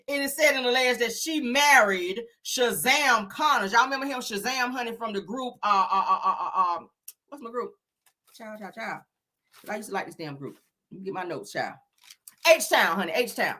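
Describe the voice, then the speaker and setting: A woman's voice: a little high, bright, forceful tone. A woman hosting casual celebrity gossip on a livestream, sassy and slangy, teasing her viewers and calling them honey and child.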